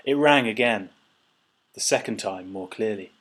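Husky male storybook narrator. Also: fairly low pitch, normal speed, a bit bright. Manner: storytelling, voices characters. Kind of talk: audiobook narration.

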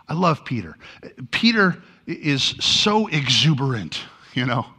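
A pastor preaching a sermon, telling a story with lively energy and acting out the lines he quotes. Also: mid-range voice, takes it slowly, breathy edge.

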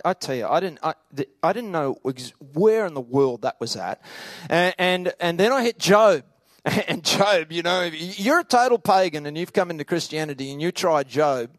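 High-voiced Australian man, rambling and humorous. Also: no echo. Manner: rambling, humorous, full of stammered restarts. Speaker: Bible teacher. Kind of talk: anecdotal teaching talk.

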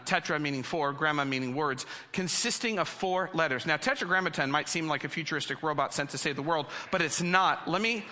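A middle-aged man preaching a sermon, teaching in a playful, animated way and drawing the congregation into call-and-response. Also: fairly high pitch. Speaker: pastor. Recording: long hall reverb.

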